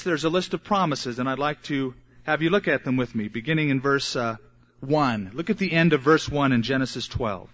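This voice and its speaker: An older man in his sixties preaching a sermon as pastor, earnest and emphatic with dramatic pauses. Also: on the high side, fairly bright tone. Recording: muffled lo-fi recording.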